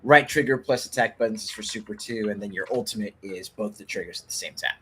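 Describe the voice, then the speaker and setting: A man's voice: fairly low pitch, fast talker, a bit bright, slightly rough. A man co-hosting a fighting game stream, explaining controls and mechanics casually with many fillers and chuckles. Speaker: co-host. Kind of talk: casual gameplay chat.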